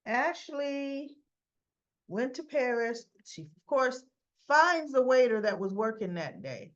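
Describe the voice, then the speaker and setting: Woman host of a casual soap recap, slow and chatty, muffled lo-fi audio. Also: high-pitched, expressive. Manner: chatty, opinionated, with many restarts.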